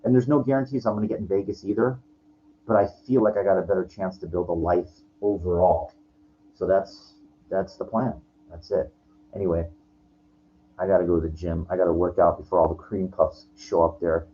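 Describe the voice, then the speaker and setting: A man's voice: low voice, steady tone, brisk. A man in his forties ranting profanely into his own vlog, rambling with many restarts and frustrated asides. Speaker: vlogger. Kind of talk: frustrated personal rant to camera. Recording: lo-fi with faint background noise.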